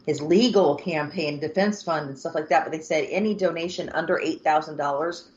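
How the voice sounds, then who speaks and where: A woman's voice: deep voice, fairly quick, a little mellow. Blunt woman co-host, lo-fi sound. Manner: blunt, exasperated, swears freely. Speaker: podcast co-host. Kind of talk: casual political chat. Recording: dull lo-fi sound.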